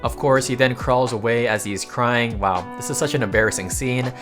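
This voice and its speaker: A man's voice: medium pitch, a little fast, music in the background. A man narrating a casual comic recap, tossing slangy, joking asides to his viewers.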